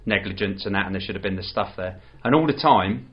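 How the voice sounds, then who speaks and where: A man's voice: low voice, fast talker, dull audio. A man, co-hosting a podcast and retelling a film plot in a rambling, casual way with lots of restarts. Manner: rambling, with many restarts and fillers. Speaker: podcast co-host.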